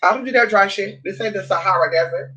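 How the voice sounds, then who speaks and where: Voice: mid-range voice, quick pace, pushed and bright, highs cut off. A vlogger talking in a sassy, blunt, casual way, swearing often and calling listeners honey and girl. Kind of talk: casual chat vlog.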